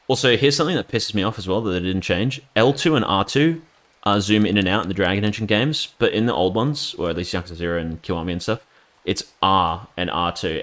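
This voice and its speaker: A man with a low, deep voice giving casual commentary while he plays a game. He rambles and chats, now and then swearing, with faint noise in the background. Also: a bit bright. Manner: rambling, chatty, casually profane. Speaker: streamer.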